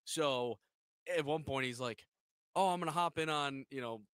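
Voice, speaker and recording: A man co-hosts a sports radio show and tells stories with real energy. He acts out his friends' lines as he goes. His voice is bright and forceful, and the sound is dry and close. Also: medium pitch, moderate pace, clean tone, no echo. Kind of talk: casual on-air storytelling.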